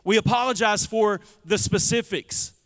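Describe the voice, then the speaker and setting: A man's voice: high voice, moderate pace, a bit bright. A man, a pastor preaching a conversational sermon and calling out to the congregation. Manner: conversational preaching with audience call-outs. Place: church sanctuary. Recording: long hall reverb.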